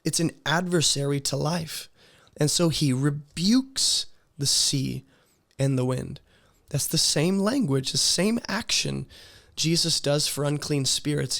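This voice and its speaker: A man's voice: fairly high pitch, creaky. A man teaching through a Bible passage verse by verse, earnest and conversational, with casual asides.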